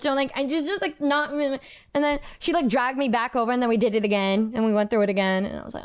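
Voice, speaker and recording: A woman's voice: fairly high pitch, fast talker, clean tone. A young woman in her twenties chatting casually with her stream viewers, bubbly and rambling, repeating words as she goes.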